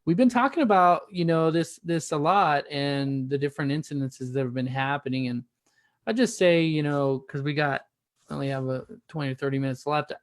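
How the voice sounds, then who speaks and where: A man's voice: on the high side, normal speed, dry recording, studio quality. A male podcast host interviewing a guest, rambling and encouraging with frequent restarts. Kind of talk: casual interview hosting.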